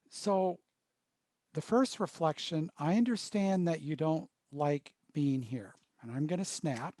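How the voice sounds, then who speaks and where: A man leading an online training workshop by video call, coaching in a measured, deliberate way. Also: a little high, a little mellow, dry recording. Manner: slow, measured, coaching delivery. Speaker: workshop facilitator.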